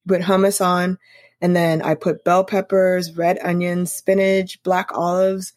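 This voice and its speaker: A woman's voice: fairly low pitch, level tone, a little slow, a little mellow, dry recording, studio quality. A woman co-hosting a podcast, chatting casually and enthusiastically. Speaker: podcast co-host. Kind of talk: casual chat.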